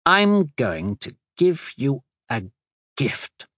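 A man voicing a cunning male sorcerer who speaks in a slow, soothing, measured way. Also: medium pitch, very animated, fairly bright tone, no room sound, clean studio sound, heavily acted. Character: cunning male sorcerer, smooth, patient and manipulative.

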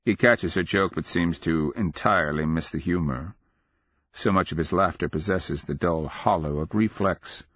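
A man narrating a dark fantasy novel in a measured, expressive storytelling manner. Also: low voice, dry recording. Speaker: audiobook narrator. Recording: dull, dry lo-fi recording.

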